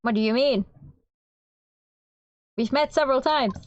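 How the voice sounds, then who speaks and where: A woman's voice: sits high, unhurried, dull audio, pitched above the performer's own voice. A woman voicing an exasperated young male defense lawyer, grumbling and incredulous.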